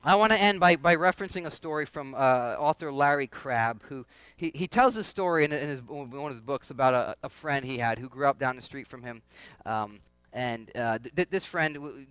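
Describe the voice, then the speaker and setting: A man's voice: medium pitch, moderate pace, a bit bright, clear, resonant tone, no echo. A man preaching a conversational sermon, often asking the congregation questions and repeating himself. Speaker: pastor.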